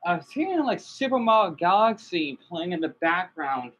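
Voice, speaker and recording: A man's voice: sits high, sing-song, moderate pace, fairly bright tone, dull audio. A man talks to his livestream viewers in a rambling rant. He stumbles over his words, restarts his sentences and keeps apologizing as he vents. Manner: upset, ranting, with many restarts and apologies. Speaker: livestreamer reacting to videos.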